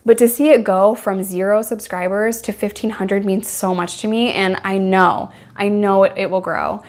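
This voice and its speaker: A woman's voice: medium pitch, fairly even intonation, normal speed, a little mellow. A young woman YouTuber answering viewer questions in a candid, chatty way, laughing often. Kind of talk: casual Q&A chat.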